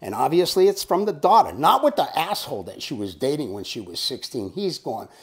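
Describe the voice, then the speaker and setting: A man's voice: on the high side, very animated, brisk. A man in his seventies telling a personal story in a casual way. He talks bluntly and swears freely, like a tough guy. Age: 70s. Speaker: storyteller host.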